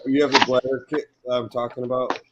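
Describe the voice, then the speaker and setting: A man's voice: medium pitch, flat delivery, quick pace, muffled recording, heavy background noise. Blunt, rambling middle-aged male stream host. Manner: rambling storyteller, blunt and profane. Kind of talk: casual chat.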